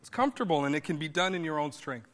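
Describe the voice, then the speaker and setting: A man's voice: a little high, animated, rapid-fire, fairly bright tone, in a large hall. A man pastor preaching a sermon in a conversational style, rising now and then to emphatic bursts.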